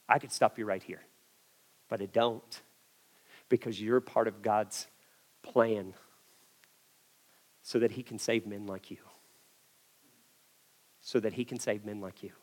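A man voicing a calm, commanding male divine teacher, speaking softly and deliberately. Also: mid-range voice, voice pushed down, close to an everyday voice.

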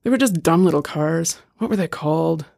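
A man voicing a troubled, slurring older brother who rambles between soft and loud. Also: on the high side, fairly quick, gravelly, no echo, clean studio sound. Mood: rambling.

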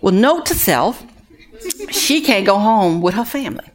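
A woman who runs a women's recovery ministry, telling animated, heartfelt stories to an audience. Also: medium pitch, unhurried. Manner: animated, acts out other people's voices; earnest and heartfelt, drops quieter on sad moments. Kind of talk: storytelling talk to an audience.

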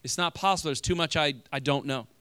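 A young male pastor giving a casual, animated sermon full of "you know" and "like", growing loud in stories and going quiet and slow in prayer. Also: fairly high pitch, smooth, no echo, studio quality. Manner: animated storytelling, rising loud when acting out arguments; drops soft and slow in prayer.

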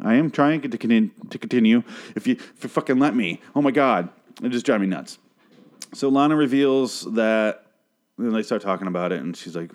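Low-pitched young man, profane rambling TV reviewer, close mic. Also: a little fast, darkish tone. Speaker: TV show reviewer. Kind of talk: casual solo review rant. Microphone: close podcast mic.

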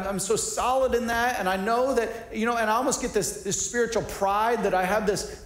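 A man's voice: high voice, echoey room. A man preaching a sermon in an earnest, conversational way, asking rhetorical questions and often restarting his sentences. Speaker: pastor.

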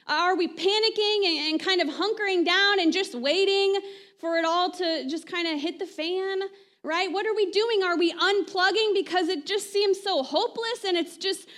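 A woman pastor delivering a sermon in a conversational way, often checking in with "right?" and trailing off softly at the ends of phrases. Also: extremely high pitch, normal speed. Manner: conversational preaching, frequent "right?" asides.

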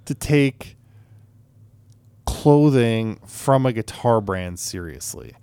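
A man's voice: fairly low pitch, expressive, slow pace, dark tone, clear, resonant tone, no echo. A man co-hosting a podcast, joking and swearing in casual chat. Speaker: podcast co-host.

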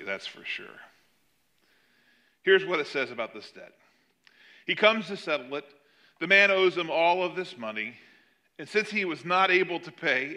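A middle-aged man preaching a sermon, telling the story with animated swings between loud emphasis and quiet asides. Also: high-pitched. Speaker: pastor.

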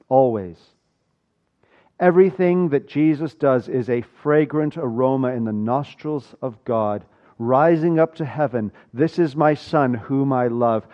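Man, preacher, from South Africa, sermon, loud peaks and hushed drops, lo-fi sound. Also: measured pace. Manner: rises loud for emphasis, drops to a hushed low voice. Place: church. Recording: dull lo-fi sound.

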